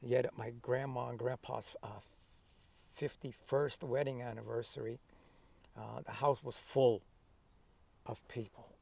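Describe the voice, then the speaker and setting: Older man with a gravelly voice. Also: medium pitch, a little slow, pauses often, recorded from a distance. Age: 70s. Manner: lively, acts out remembered dialogue. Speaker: interview guest, veteran. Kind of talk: conversational storytelling.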